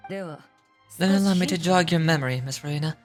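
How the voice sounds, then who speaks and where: Breathy, deep-voiced scheming matriarch voiced by a woman, measured and probing, game dub. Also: music in the background, close to an everyday voice. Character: cold, scheming older woman leader.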